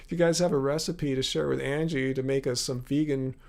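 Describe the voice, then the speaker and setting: Easygoing man with gravelly voice. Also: medium pitch, steady tone, a little fast, a little mellow. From Los Angeles, USA. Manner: easygoing, rambling, many fillers. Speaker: livestream host. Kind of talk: casual live Q&A.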